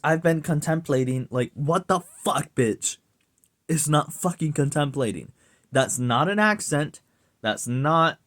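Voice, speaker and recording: A man's voice: on the low side, fairly bright tone. A man with a Southern US accent, rambling and swearing as he rants casually to the camera for his online video. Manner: rambling, profane, laughs often. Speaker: YouTube commentator.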